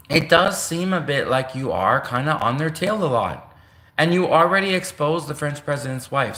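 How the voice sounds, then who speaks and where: A man's voice: medium pitch, bright, forceful tone, reverberant. A man from Canada talking in a rambling, meandering casual monologue, full of restarts and asides, seated at home. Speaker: vlogger. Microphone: home desk setup, seated in chair.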